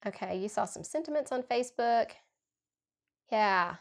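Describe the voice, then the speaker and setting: A woman's voice: fairly high pitch, expressive, moderate pace. Chatty Tennessee-accented woman with a cold. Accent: Tennessee Southern. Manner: chatty, gushing, reads out viewer comments. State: has a cold. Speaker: crafting livestream host. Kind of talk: casual livestream chat while demonstrating card making.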